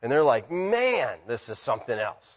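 A man preaching a sermon, animated, acting out quotes and swinging from loud shouts to quiet asides. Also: mid-range voice, normal speed. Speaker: pastor. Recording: muffled sound with long hall reverb.

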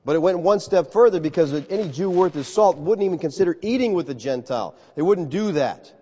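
A man preaching a sermon in an animated, conversational way, calling his listeners folks. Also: a little high, fairly quick, slightly rough. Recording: reverberant hall, slightly dull sound.

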